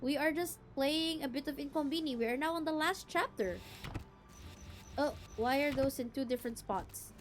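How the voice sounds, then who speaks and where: A young woman from the Philippines streaming a game, chatting casually in a deliberately cute, girlish voice. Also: sits high, soft background music. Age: young adult. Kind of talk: casual gameplay chat.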